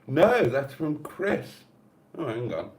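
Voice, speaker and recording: A man's voice: mid-range voice, sing-song, slow pace, a little mellow. A man hosting a casual live stream at home, chatting and reading out messages. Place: home in Spain. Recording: roomy with faint noise.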